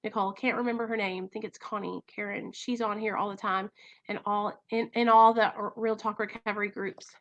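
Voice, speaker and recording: A woman's voice: mid-range voice, flat delivery, a little fast, a bit bright, highs cut off. A woman hosting a recovery channel, talking to her viewers from home in an earnest, emotional way. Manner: earnest, emotional, keeps addressing viewers directly. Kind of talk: livestream talk to viewers.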